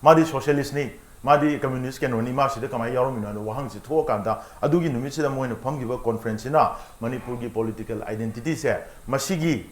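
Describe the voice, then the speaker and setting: A man speaking as a guest on a TV panel discussion, explaining earnestly with many pauses. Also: mid-range voice, echoey room. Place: TV studio.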